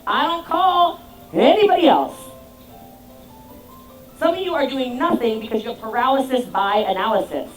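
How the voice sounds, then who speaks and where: A woman's voice: a little high, low-quality recording. Emphatic woman giving a motivational talk. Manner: emphatic, fires rhetorical questions at the audience. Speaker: business coach. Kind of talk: motivational speech.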